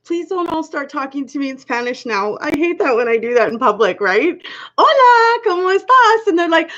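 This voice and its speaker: A woman with a high, animated voice hosts a casual livestream, reading comments and greeting viewers by name. She talks briskly, laughs often, and has a slight accent. The livestream audio is dull and lo-fi.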